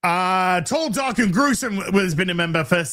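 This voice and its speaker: A man's voice: sits high, normal speed. A man co-hosting a casual online talk show, reading viewer donations aloud with lots of laughs and swearing. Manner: animated, swearing, laughing often. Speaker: podcast co-host reading superchats. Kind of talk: casual chat.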